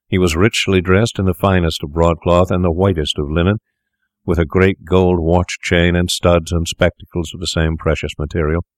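A man narrating an audiobook in a measured, deliberate way. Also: deep voice, no room sound, clean studio sound.

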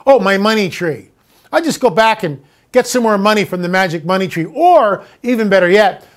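High-voiced man ranting. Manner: emphatic, indignant ranting with repeated questions. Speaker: show host. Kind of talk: monologue to viewers.

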